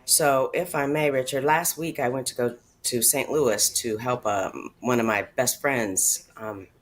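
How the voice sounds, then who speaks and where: A woman's voice: rumbling low, unhurried, a little hiss or hum. A woman speaking earnestly and from the heart as a regular on a radio talk show, in casual conversation. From Chicago area. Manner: earnest, heartfelt, tearful at times.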